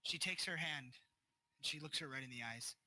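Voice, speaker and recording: A man's voice: a little high, moderate pace, pushed and bright, no room sound. A man narrating as game master of a tabletop game, casual and full of fillers. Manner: casual, filler-heavy narration with voiced characters.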